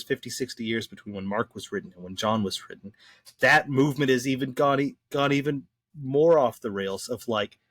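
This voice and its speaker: A man in a casual podcast discussion, explaining things in a lively, slangy way with frequent restarts. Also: medium pitch, no echo. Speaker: podcast co-host discussing the Bible.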